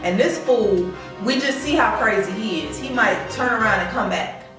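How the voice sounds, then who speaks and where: A woman's voice: medium pitch, moderate pace, recorded from a distance, music in the background. A woman telling a personal story in a casual storytime vlog, acting out what people said. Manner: animated, acts out quoted lines. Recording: echoey room, away from the mic.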